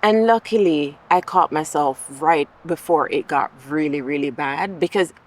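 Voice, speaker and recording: A woman's voice: low voice, moderate pace, poor audio. A woman vlogger in a casual monologue, candid and reflective, talking through her feelings aloud with the odd swear word. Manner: occasional swearing.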